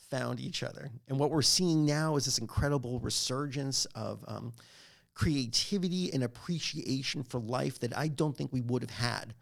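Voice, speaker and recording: A man's voice: medium pitch, gravelly, a bit bright. A man speaking as a podcast guest, talking in a reflective, expansive way. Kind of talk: conversational interview.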